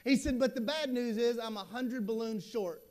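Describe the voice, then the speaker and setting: High-voiced folksy man. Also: normal speed. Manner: folksy, animated storyteller with asides to the audience. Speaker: school superintendent giving a keynote. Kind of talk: storytelling conference talk.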